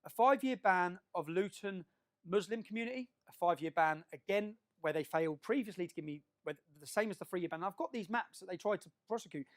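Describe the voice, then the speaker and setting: A man giving an emphatic public speech to an audience, often checking in with a quick question tag. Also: high voice, expressive. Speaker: public speaker.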